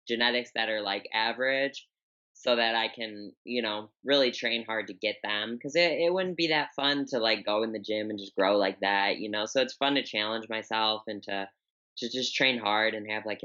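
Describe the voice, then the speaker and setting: A woman's voice: a bass voice, fairly bright tone, dull audio. A young woman in her twenties with a Chicago accent, chatting casually as a podcast guest and filling her talk with "like". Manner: chatty, many "like" fillers and repeats. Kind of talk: casual interview chat.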